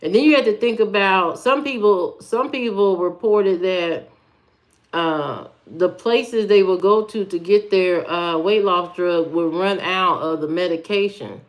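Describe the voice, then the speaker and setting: An Indiana woman with a local accent runs a live stream, answering viewers' comments directly in a blunt, loose manner. Her voice sits fairly low and moves at a measured pace.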